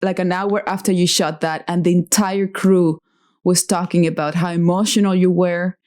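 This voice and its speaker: A woman's voice: lowish voice, steady tone, normal speed, darkish tone. A woman hosting a podcast who chats casually, laughs along and sounds supportive. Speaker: podcast host. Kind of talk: casual interview chat.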